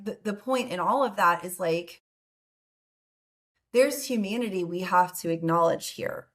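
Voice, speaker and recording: Woman psychologist guest, earnest casual interview talk, middle pitch. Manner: earnest, frequent "like" and "right?".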